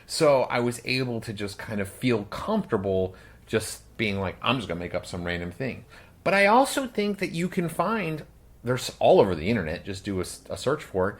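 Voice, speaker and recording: Drawn-out explanations peppered with "like" come from this podcast co-host and game master. He speaks at a moderate pace in a mid-range, sing-song voice on the laid-back show.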